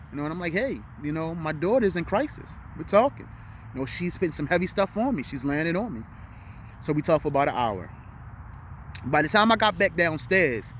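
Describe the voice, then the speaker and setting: An earnest middle-aged man talks outdoors on a city street as evening falls, his voice sitting a little higher than most men's. He speaks with open emotion, leaning on repeated phrases to drive his message home. Faint traffic sounds hum behind him. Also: fairly bright tone. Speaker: vlog host. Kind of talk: heartfelt motivational talk. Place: outdoors at dusk, urban street.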